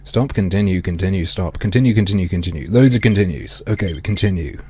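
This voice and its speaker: A man streaming a video game, reading its text aloud in a mock-dramatic way with sardonic, swearing asides, his throat strained and often cleared. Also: low voice, fast talker, mellow. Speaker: gaming streamer.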